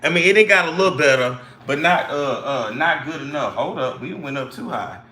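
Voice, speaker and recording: A man's voice: fairly high pitch, expressive, fairly quick, sharp tone, slight background noise. A man hosting a live celebrity gossip stream, blunt, profane and mocking, with a lingering cough. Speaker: host. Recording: echoey room.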